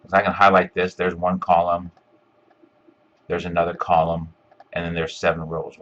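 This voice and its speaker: A man giving a step-by-step screencast software tutorial, talking casually with lots of ums and uhs. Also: low voice, completely flat delivery, normal speed, long pauses, lo-fi sound. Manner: step-by-step, filler-heavy with frequent ums and uhs. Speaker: instructor.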